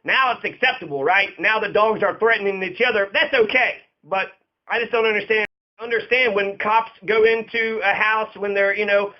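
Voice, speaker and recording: Guy with a high voice ranting and cussing a lot, hammering his points over and over, dull lo-fi sound. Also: steady tone, normal speed. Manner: profane, emphatic and repetitive. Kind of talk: casual ranting monologue. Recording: dull lo-fi recording.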